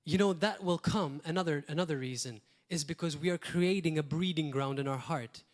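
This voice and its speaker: Man, pastor, sermon, conversational, repeats himself, slightly high voice. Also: a little fast. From Malta. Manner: conversational preaching with repeated phrases and short asides.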